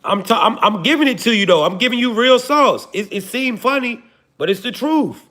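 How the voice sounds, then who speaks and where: A man's voice: extremely high pitch, animated, moderate pace, a bit bright. A man, hosting a livestream and joking profanely to his chat before preaching his point. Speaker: livestream host. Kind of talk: casual livestream talk to chat.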